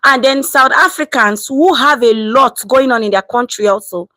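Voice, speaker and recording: A woman's voice: on the high side, moderate pace, no room sound, low-quality recording. A woman in her thirties from Nigeria, with a Nigerian accent, chatting casually on a live stream, reading out comments and slipping into Pidgin. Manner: animated, switches into Nigerian Pidgin.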